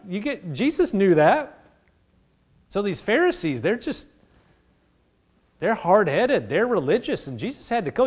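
A male pastor preaching a sermon in a conversational way, acting out little dialogues and dropping to hushed intensity. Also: high-pitched. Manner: animated preaching, acts out voices of God and people.

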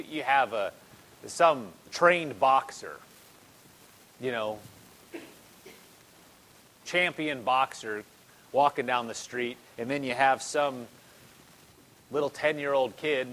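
A man's voice: mid-range voice, a bit bright, rough recording. A man preaching a sermon in a conversational way, repeating phrases and building in intensity.

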